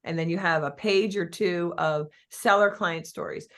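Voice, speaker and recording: A woman coaching real estate agents in an energetic, chatty way, with many fillers and small restarts. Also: on the low side, moderate pace, a little hiss or hum. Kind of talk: coaching talk to an audience.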